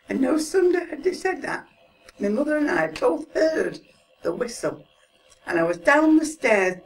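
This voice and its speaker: This is a woman from Manchester, England, in her seventies, with a creaky mid-pitched voice and a Mancunian accent. As an interviewee she looks back on her life in relaxed, talkative fashion, breaking into laughter often and letting her words drift off quietly. The home recording is hissy, with a far-off mic.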